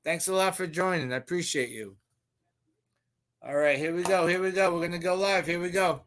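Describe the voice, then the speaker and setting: A man hosting a live stream with a hoarse, recovering voice, chatting casually and greeting viewers by name with boisterous shouts. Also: high-pitched, steady tone, a little fast, slight background noise. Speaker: live stream show host.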